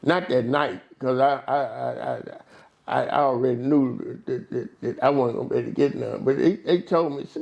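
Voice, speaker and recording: A man in casual conversation telling long, animated stories, acting out quoted voices and often stumbling over and repeating words. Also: medium pitch, moderate pace, gravelly, lo-fi sound. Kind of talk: casual storytelling chat.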